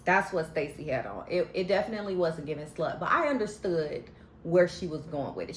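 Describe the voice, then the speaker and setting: A woman's voice: low voice, sing-song, a little fast, slight background noise. A woman recapping a reality show in a casual, sassy, slangy way, giving candid opinions. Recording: echoey room.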